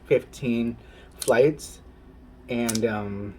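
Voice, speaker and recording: A man vlogging while eating, telling a story in a casual, animated way and saying "y'all". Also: mid-range voice, extremely slow, a little hiss or hum. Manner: animated, says "y'all" and "oh my goodness". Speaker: mukbang vlogger.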